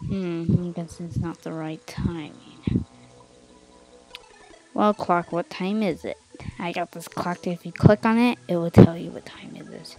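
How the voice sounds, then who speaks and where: A woman casually commenting on her own gameplay, swinging from hushed mutters to loud excited outbursts. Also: lowish voice, a little slow, soft background music. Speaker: gameplay narrator.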